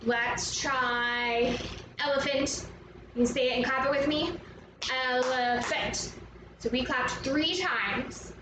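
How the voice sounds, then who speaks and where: A young woman teaching an online arts lesson to young children, speaking in an upbeat, slow and clear way and inviting the viewer to join in. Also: high-pitched, steady tone. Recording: roomy, echoey, from a distance with background noise.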